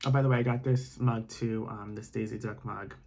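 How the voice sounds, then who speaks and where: A man reading a bedtime story aloud in ASMR style, with soft, rambling asides. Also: fairly low pitch, steady tone, brisk, gravelly.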